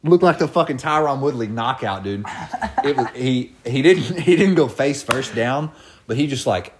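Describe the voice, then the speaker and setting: A young man in his twenties spins stories in loose, casual chat, full of swearing and bursts of laughter. His voice sits at an ordinary middle pitch. He talks with easy, animated energy. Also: moderate pace, a crowd in the background. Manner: profane, animated storytelling with laughs. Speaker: podcast co-host telling stories.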